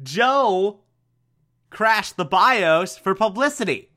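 A man voicing a bitter, accusing grown man in a higher, sneering tone. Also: expressive, slow pace, pushed and bright, heavily acted.

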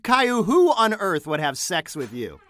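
A woman's voice: medium pitch, very animated, moderate pace, a bit bright, dry recording. A woman voicing an exasperated, crude middle-aged cartoon dad who swears. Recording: dry close recording.

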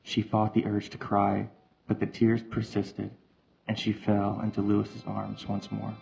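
A man narrating an audio drama in a steady, even reading. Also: fairly low pitch, unhurried, gravelly. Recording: slightly muffled with faint music.

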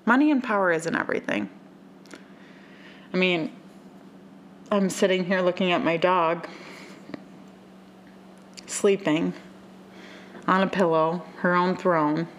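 A young woman hosting a podcast by herself, talking emotionally and swearing as she moves between quiet asides and fired-up preaching. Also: lowish voice, slow, pauses often, a little hiss or hum. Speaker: podcast host. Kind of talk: casual solo podcast rant.

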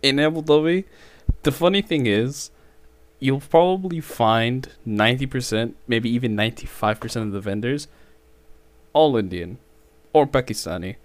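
A man's voice: normal speed, dry recording. A young man from the Middle East, a podcast guest, chatting casually and laughing often. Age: young adult. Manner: laughs often, animated with lively pitch. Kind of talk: casual chat.

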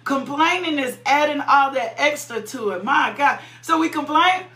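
Woman, sermon, high voice, bright, slow and fervent, cries out, echoey room. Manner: fervent, breaks into high cries of "ooh" and laughter; preaches slowly with repeated phrases and prayers. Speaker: preacher.

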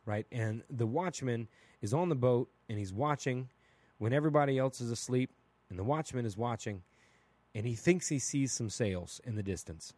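A man hosting a solo podcast, talking through his opinions in a casual, blunt and animated way, asking "right?" again and again. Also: medium pitch, normal speed, dry recording. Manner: casual and blunt, with mild swearing. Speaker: podcast host.

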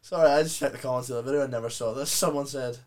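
A man's voice: medium pitch, steady tone, racing, a little mellow. A young man hosting a podcast, chatting casually with teasing, jokey banter. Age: young adult. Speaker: podcast host. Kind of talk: casual chat.

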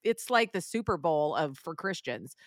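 A woman's voice: low voice, big pitch swings, normal speed, no room sound, studio quality. A woman co-hosting a faith podcast in a chatty, upbeat way, often laughing along with her co-host. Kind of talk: casual faith chat.

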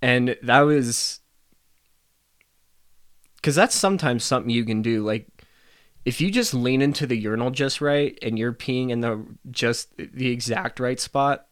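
A man's voice: medium pitch, a little slow, clean tone, no echo, clean studio sound. A young man hosting a casual solo podcast, rambling and swearing freely and laughing at his own stories. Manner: rambling, profane, laughs often. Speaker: podcast host.

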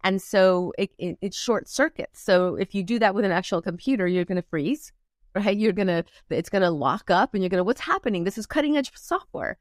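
A woman's voice: fairly low pitch, a little fast, no echo, studio quality. A woman performance coach, a guest on an interview podcast, talking animatedly and acting out quoted voices as she tells stories. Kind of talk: conversational interview.

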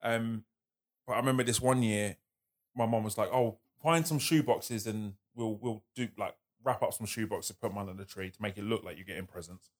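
A man's voice: fairly low pitch, fairly quick. A man co-hosting a podcast in a studio, chatting casually, swearing freely and acting out quotes in his stories. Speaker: podcast co-host. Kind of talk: casual banter.

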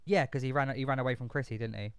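A man rambling in casual conversation, cursing freely and restarting his sentences. His voice is smooth and resonant. The sound is dry and close. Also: mid-range voice, fairly even intonation, racing, a bit bright, no echo. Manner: rambling and profane, with many fillers and restarts. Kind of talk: casual chat.

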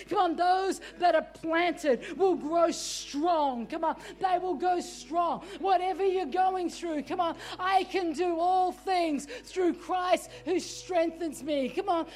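A woman preacher delivering an exhorting sermon, repeating "come on" and "stop it" and rising to shouts. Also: very high-pitched. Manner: shouts at peaks.

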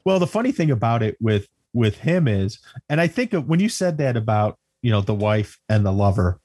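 A man's voice: mid-range voice, big pitch swings, fairly quick, a little mellow, husky, dry recording, studio quality. A man co-hosting a sports podcast, chatting casually and teasing his friend. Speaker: podcast co-host. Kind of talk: casual chat.

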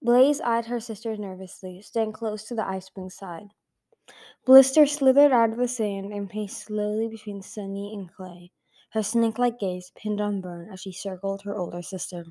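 A woman's voice: medium pitch, moderate pace, mellow. A woman narrating a fantasy novel chapter as an amateur audiobook, reading carefully and often correcting herself. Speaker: audiobook reader.

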